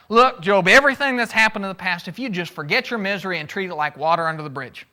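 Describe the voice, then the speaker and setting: Bright-voiced preacher, conversational. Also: male voice, high voice, fast talker, hardly any pauses. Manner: conversational, asks the audience questions, acts out quotes. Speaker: pastor. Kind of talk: sermon.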